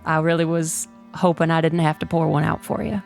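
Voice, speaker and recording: Female player, affectionate in-character talk, slightly low voice. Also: fairly even intonation, fairly quick, creaky, darkish tone, faint music behind. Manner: tender, affectionate, with light laughs. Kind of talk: in-character tabletop play.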